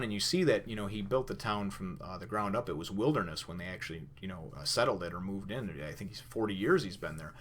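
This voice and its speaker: This man reviews manga, recapping a chapter and commenting in a low-pitched, slightly bright voice that moves fast with few pauses. He rambles with plenty of "you know" and restarts, sometimes loosely acting out what the characters say.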